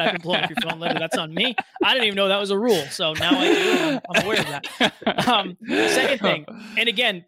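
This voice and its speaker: A man's voice: high voice, sharp tone, dry recording. A man who works as a business coach and co-host, talking in a playful, direct way and telling stories from client calls. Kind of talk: casual motivational talk.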